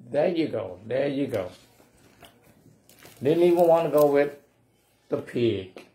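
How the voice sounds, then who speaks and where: A man's voice: mid-range voice, expressive, a little slow, long pauses, dark tone. A man reading a picture book aloud at a library storytime, playfully coaxing the children to say the refrain along with him.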